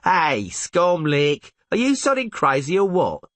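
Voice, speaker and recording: A man's voice: on the high side, huge pitch swings, a little slow, a bit bright, dry recording, voice pushed up, heavily acted. A man voicing a coarse, domineering male brute who blusters boisterously.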